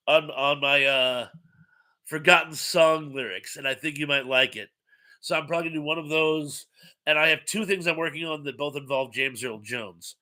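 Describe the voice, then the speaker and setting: Congested man hosting a live chat, rambling and friendly in manner, bright and somewhat high. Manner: chatty, rambling, reads viewer comments aloud. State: stuffed up, congested. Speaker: host of a live chat stream. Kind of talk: casual live-stream chat reading comments.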